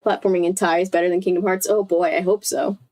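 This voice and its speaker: A woman's voice: on the low side, level tone, quick pace, a little mellow. A woman reading a book aloud, breaking off often to react and laugh. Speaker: host.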